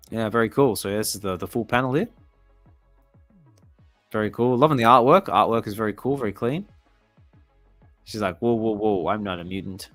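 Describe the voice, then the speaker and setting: A man hosting a relaxed comic reading, chatty and curious, who thinks aloud and stumbles over names as he reads. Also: lowish voice, no echo. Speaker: comic reading channel host.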